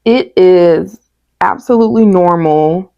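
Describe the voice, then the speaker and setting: A woman's voice: lowish voice, takes it slowly, creaky, dry recording. A woman reviewing a TV episode in casual, candid commentary, chatty and prone to tangents, on a dull lo-fi recording. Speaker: TV show reviewer.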